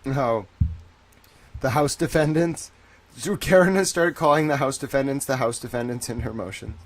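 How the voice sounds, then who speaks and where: A man hosting a casual livestream, slowly reading legal citations and breaking off into jokey asides to his chat. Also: medium pitch. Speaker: livestream host.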